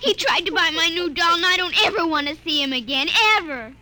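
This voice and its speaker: A woman playing a willful, excitable little girl who pleads and whines, in 1940s radio-play style, with a noisy old recording. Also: very high-pitched, a little fast, heavily acted.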